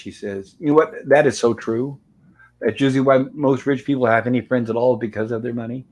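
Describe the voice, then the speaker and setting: A man's voice: medium pitch, fairly even intonation, brisk, a little mellow, poor audio. A man hosting a show, casually retelling old TV episodes scene by scene, reading the characters' lines aloud and adding dry asides. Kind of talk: casual recap and commentary.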